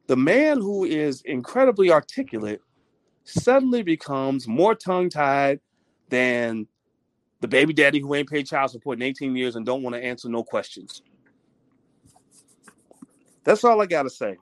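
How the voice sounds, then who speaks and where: A male commentator delivering a heated, profane opinion monologue with animated delivery. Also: medium pitch, moderate pace, pauses often, no room sound.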